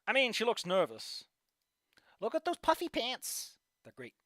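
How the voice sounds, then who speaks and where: An excitable, profane man streaming a game playthrough with commentary. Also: extremely high pitch, a little slow, no echo, clean studio sound.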